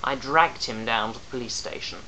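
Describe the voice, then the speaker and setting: A man reading his own comic story aloud in a deadpan, wry first-person narration. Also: mid-range voice, fairly quick, a little hiss or hum, low-quality recording. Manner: dry, wry asides, sometimes dropping to a whisper.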